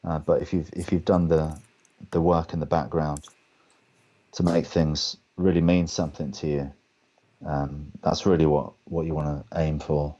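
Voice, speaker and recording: An English man, a guest actor, telling lively anecdotes on a video call and acting out the other people in his stories. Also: very deep voice, moderate pace, muffled recording. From England. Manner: animated anecdotes, acts out other people's lines. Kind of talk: storytelling in a webcast Q&A.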